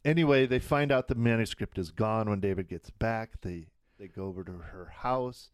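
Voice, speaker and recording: A man's voice: lowish voice, clean tone, no echo, studio quality. A man casually recapping a TV episode on a podcast, laughing as he retells the scenes. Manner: retells scenes with quick acted quotes, often laughing. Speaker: podcast co-host.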